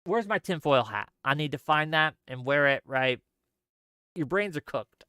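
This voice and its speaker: Man, political commentary host, livestream rant, sarcastic, exasperated, bright tone, dry close sound. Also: a little high, animated, measured pace, clean tone, no room sound. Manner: talks straight to viewers, reads chat.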